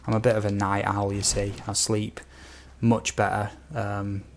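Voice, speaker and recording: Rambling British man streaming games, low voice. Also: completely flat delivery, a little slow, slight background noise. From United Kingdom. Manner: rambling, reads out viewer comments with many ums. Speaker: gaming streamer. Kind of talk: casual live-stream chat.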